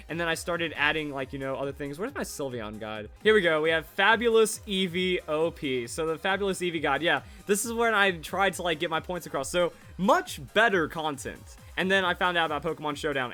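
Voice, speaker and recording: A man's voice: a little high, bright, forceful tone. A man in his twenties chatting casually over his old videos, rambling and repeating himself with verbal tics. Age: 20s. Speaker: Pokemon YouTuber.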